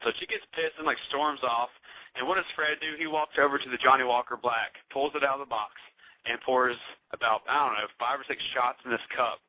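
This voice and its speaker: On a podcast, a male guest with a mid-range voice recounts a wild tale a little fast, cursing freely and animatedly impersonating what others said. The recording sounds dull, dry and lo-fi.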